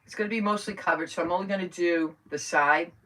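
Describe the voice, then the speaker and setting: A woman's voice: fairly low pitch, fast talker, a bit bright, slight background noise. A middle-aged woman hosting a live crafting stream, chatting and thinking aloud as she works. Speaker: craft host. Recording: distant from the mic.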